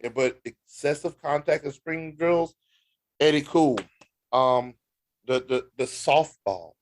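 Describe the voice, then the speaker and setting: A man's voice: on the high side, takes it slowly, slight background noise. A man with an American accent co-hosting a sports podcast in a joking, slangy way. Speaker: podcast co-host. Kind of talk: casual sports chat.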